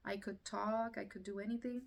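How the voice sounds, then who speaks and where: A woman's voice: mid-range voice, fairly even intonation, brisk, gravelly, distant mic. A woman casually telling her own story, acting out what people said and laughing through the tense parts.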